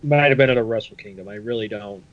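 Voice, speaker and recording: A man's voice: on the low side, quick pace. A man co-hosting a casual podcast chat, loosely recalling things with plenty of fillers. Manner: rambling recollection with fillers. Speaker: podcast co-host. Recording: dull lo-fi audio.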